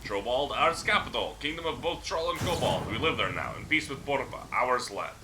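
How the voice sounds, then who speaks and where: A man's voice: mid-range voice, lively intonation, moderate pace, close to an everyday voice. A man voicing a simple-minded, friendly male troll who talks in broken, caveman-like grammar. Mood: earnest. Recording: noisy home stream recording.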